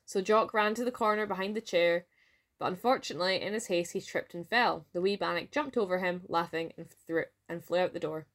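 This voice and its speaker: A woman with a Scottish accent narrating a folk tale aloud in a lively storytelling manner. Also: lowish voice, fairly quick. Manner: lively read-aloud with voiced dialogue.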